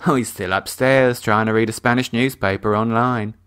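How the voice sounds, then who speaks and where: A man's voice: mid-range voice, steady tone, normal speed, a bit bright, clear, resonant tone, close to an everyday voice. A man doing a gossipy chatty woman.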